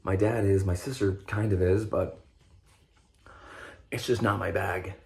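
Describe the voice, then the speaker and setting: A young man with a low voice talks straight to the camera in an unscripted monologue. He rambles and swears freely, breaking off and restarting his sentences. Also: fairly even intonation, a little slow, creaky. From Nebraska. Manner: rambling, profane, stop-start with many restarts. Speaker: vlogger sharing recovery story.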